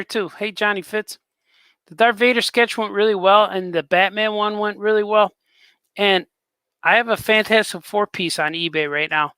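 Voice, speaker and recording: A man's voice: high-pitched, pushed and bright, smooth, no echo. A man hosting a casual live stream as a cartoonist, rambling in an easygoing way and chatting with viewers.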